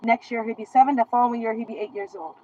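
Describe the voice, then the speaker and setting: A woman's voice: a little high, flat delivery, quick pace, mellow, highs cut off. A woman streaming live from her phone, ranting in a defiant, boastful, profane way. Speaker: social media live streamer. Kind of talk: casual live-stream rant.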